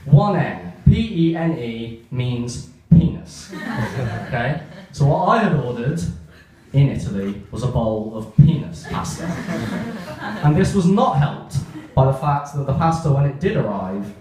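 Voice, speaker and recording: A young man doing a stand-up comedy set on stage, telling a joke with deadpan, self-aware asides. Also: medium pitch, measured pace. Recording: echoey room heard from far off.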